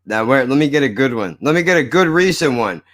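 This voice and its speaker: A man's voice: mid-range voice, expressive, brisk, fairly bright tone. A man hosting a podcast, rambling and joking with heavy swearing. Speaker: podcast host. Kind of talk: casual podcast banter.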